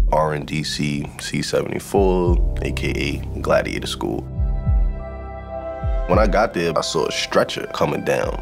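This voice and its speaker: A man's voice: a bass voice, gravelly. A man from Brooklyn, telling his own story as testimony and acting out the dialogue. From Brooklyn, New York. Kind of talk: personal testimony.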